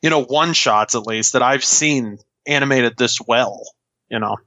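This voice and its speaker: Stammering bright-voiced male guest. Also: mid-range voice, a little slow, no room sound. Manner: stammering restarts, exasperated asides. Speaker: podcast guest. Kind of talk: casual chat.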